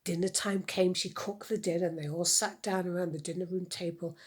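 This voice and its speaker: A woman telling a children's story in a hushed, often whispering voice. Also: fairly low pitch, steady tone, brisk, breathy edge. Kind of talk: reading a story to kids.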